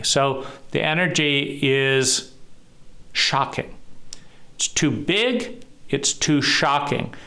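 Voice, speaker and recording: A man giving a reflective solo talk on trauma, measured and pausing often. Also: medium pitch, lively intonation, vocal fry, sharp tone. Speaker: trauma educator.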